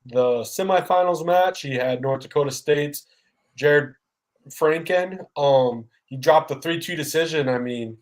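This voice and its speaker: A man co-hosting a casual sports podcast, going over results in a halting way with many ums. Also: mid-range voice, rough recording. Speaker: podcast co-host.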